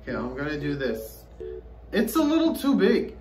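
A man's voice: fairly high pitch, wildly swooping pitch, moderate pace, far from the mic. A young man filming a casual vlog who talks dramatically, swearing often and breaking into yelps and shrieks. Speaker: vlogger. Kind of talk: casual self-filmed vlog. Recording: echoey room with music. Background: music.

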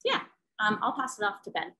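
A young woman speaks over a video call with a bright, lively tone. She is upbeat and enthusiastic, and sounds like a student giving a casual welcome talk. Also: mid-range voice, fairly quick, vocal fry, low-quality recording. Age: young adult. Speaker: student ambassador.

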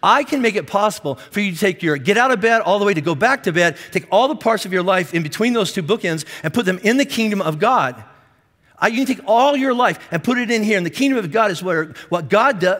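A male pastor with a notably high voice, preaching in an animated, joking way. His words ring out with a long reverb, as in a big church auditorium. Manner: animated, self-deprecating joking with the congregation. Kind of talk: sermon.

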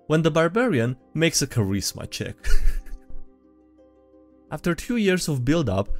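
Playful man with a lively voice. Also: mid-range voice. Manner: playful, laughs often, quick asides. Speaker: video host reading memes. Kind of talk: casual meme commentary.

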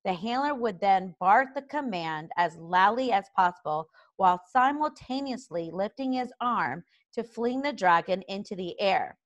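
A woman reading a children's book aloud in an expressive, unhurried way. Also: medium pitch, dull audio. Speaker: story reader.

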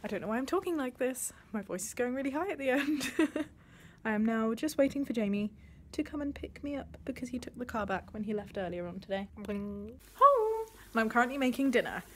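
A woman's voice: a little high, quick pace, slight background noise. A young woman chatting candidly and animatedly to camera in a casual home vlog. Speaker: vlogger. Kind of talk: casual chat. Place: home, office and kitchen indoors.

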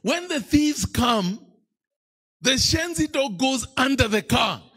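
Husky Kenyan bishop, lively sermon. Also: male voice, very high-pitched, takes it slowly. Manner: playful storytelling, teasing the congregation. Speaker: bishop preaching. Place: church.

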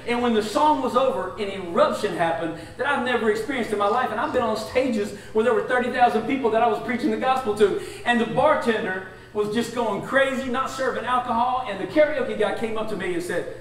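A man preaches as a guest speaker, spinning a comic story and acting out the dialogue. His voice sits high for a man. It is picked up from a distance in a very echoey sanctuary, with noise underneath. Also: brisk, hardly any pauses. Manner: animated, acts out dialogue. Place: church sanctuary. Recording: echoey church hall, distant, noisy.

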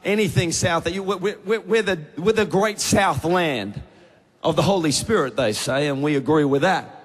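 High-voiced Australian preacher in a big hall. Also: male voice, normal speed, slightly rough. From Australia (Tasmania). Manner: energetic, rising to fervent prayer. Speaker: youth pastor, guest preacher. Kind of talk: sermon with prayer. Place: large church auditorium. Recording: big church hall reverb.

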